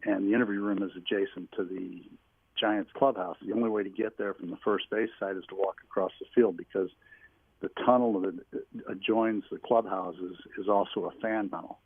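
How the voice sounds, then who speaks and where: Calling in to a radio talk show from his home office, a former team staffer tells long, rambling anecdotes, restarting often. His voice is low, husky, and steady in tone, a little fast, with no echo over a tinny phone line.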